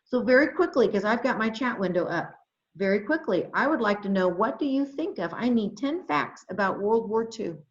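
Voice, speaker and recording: A woman leading an adult education webinar, talking to teachers with lots of excitement and reading chat replies aloud over a computer microphone. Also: mid-range voice, moderate pace. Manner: enthusiastic, exclamatory, reads chat aloud. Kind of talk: webinar presentation. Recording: roomy, slightly dull webinar audio.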